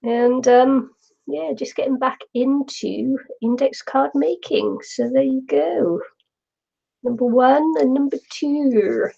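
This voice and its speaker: A middle-aged woman from the UK chats her way through a craft project, rambling warmly with frequent laughs. Her voice is mellow and gravelly, and she takes her time. The recording sounds slightly muffled. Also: high voice, takes it slowly. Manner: chatty and rambling, laughs often. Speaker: craft vlogger. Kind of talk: casual chat while crafting.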